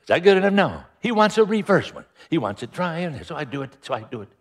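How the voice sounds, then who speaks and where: A male preacher retelling a Bible story in an animated, playful storytelling sermon. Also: a little high, quick pace.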